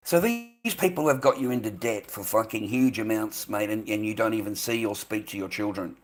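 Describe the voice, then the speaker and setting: A man's voice: fairly low pitch, lively intonation, a little fast, few pauses. Profane ranting Australian man. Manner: angry, profane, repeats himself, stumbles over words. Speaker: vlogger. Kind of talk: ranting monologue to camera.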